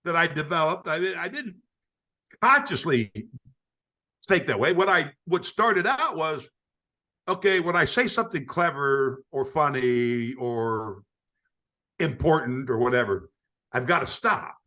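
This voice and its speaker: An older man spinning a sports anecdote as a podcast guest, his voice bright and forward, with a pitch that rides high and swoops widely. He acts out the people he quotes and often stammers and restarts his sentences. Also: animated, measured pace, long pauses. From United States. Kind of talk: storytelling in a podcast interview.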